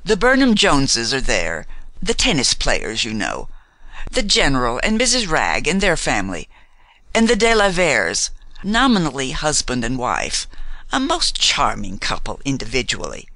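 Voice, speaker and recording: A man's voice: mid-range voice, wildly swooping pitch, normal speed, pushed and bright, no echo, full character voice, poor audio. A man voicing a haughty, nosy older society lady in an audiobook, prying and condescending under a polite surface. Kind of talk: audiobook character reading.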